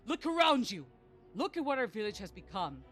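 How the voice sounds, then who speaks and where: A woman voicing a grieving father who rallies his villagers, read aloud from a game in a lowered, earnest voice. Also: big pitch swings, fairly quick, fairly bright tone, soft background music. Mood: rousing. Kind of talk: reading game dialogue aloud on stream.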